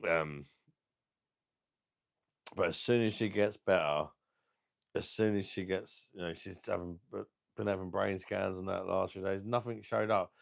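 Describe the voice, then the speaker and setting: Bloke, real deep and gravelly, chatting to viewers on his beer stream, swears a lot. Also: no room sound, studio quality. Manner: sweary, emotional, talks to chat viewers. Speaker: beer channel host. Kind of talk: casual live stream chat.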